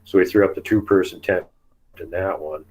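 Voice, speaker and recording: A man with a somewhat low voice tells his camping stories in a relaxed, chatty way. He laughs easily and slips into acting out what people said. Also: fairly quick, low-quality recording. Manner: chatty, laughs often, acts out quotes. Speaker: guest telling field encounters. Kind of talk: casual storytelling interview.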